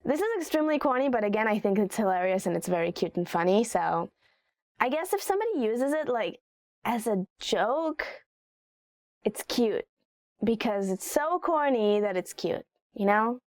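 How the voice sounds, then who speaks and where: A chatty, giggly woman with a fairly high voice gives a casual lesson. She reads phrases quickly, then explains them with plenty of "like" fillers. The recording is dry and close. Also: very animated, a little mellow, dry recording. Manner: reads Hebrew lines quickly, then translates. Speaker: language teacher. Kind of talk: casual lesson reading Hebrew phrases with commentary.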